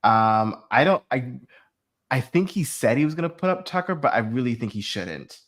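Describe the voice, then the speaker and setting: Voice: mid-range voice, big pitch swings, normal speed, a bit bright. A co-host on a casual reality TV recap podcast, laid-back, giving short answers and thinking aloud about strategy.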